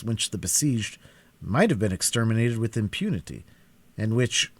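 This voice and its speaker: A man reading a classic novel aloud in a live cold-read, with a dramatic, expressive delivery. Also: fairly low pitch. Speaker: audiobook reader.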